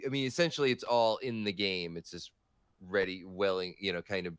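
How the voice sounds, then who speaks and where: A man taking part as a guest on a casual gaming podcast, with a low, smooth, resonant voice. He speaks hesitantly and restarts his phrases often. The sound is dry and close. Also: brisk, no room sound. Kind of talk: casual chat.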